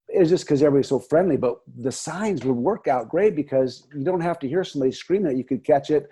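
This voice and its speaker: A middle-aged man with a warm, darkish voice and a husky edge. He chats as a podcast guest about his work as an assistant director. His telling is lively and rambling, with plenty of restarts. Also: a little high, fast talker, hardly any pauses. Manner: lively, chatty storytelling with frequent laughs and restarts. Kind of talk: casual conversation.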